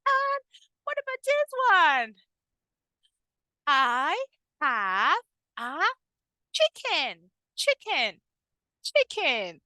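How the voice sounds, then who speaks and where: Female kids' teacher, animated and sing-song, deliberate pace, playful repeat-after-me delivery. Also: high-pitched, no echo. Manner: slow, enunciating, coaxing repeat-after-me; playful, imitates animal sounds. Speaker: English teacher for children. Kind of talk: children's language lesson.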